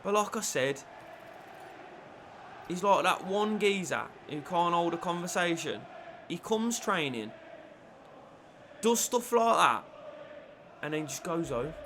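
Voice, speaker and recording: A man commentating on his own football video game play, shifting between low muttering and shouted excitement. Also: measured pace, a little hiss or hum. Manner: lively, swings from low mutters to shouted celebrations. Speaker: gaming YouTuber.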